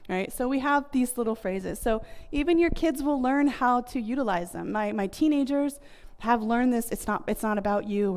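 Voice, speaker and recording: Chatty American woman giving a talk. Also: a little high. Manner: chatty, many fillers like "like" and "you know". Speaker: speaker giving a family communication talk. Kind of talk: casual talk to an audience.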